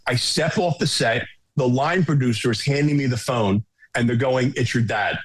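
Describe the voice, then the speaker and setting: A middle-aged man, a home shopping executive, telling lively anecdotes as a podcast guest. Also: medium pitch, moderate pace. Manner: animated anecdote teller, quotes others. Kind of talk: casual storytelling.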